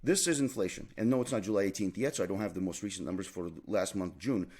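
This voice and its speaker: A man's voice: low-pitched, fast, darkish tone, husky. A man giving a real estate market update as a realtor, emphatic and repeating his key points, with frequent fillers. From Canada.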